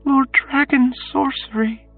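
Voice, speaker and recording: Woman playing a haunted young captive in an audiobook, slow and quiet, distant with faint music behind. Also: high-pitched, fairly even intonation, exaggerated voice. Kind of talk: audiobook character voice. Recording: distant tinny phone-like sound, faint music.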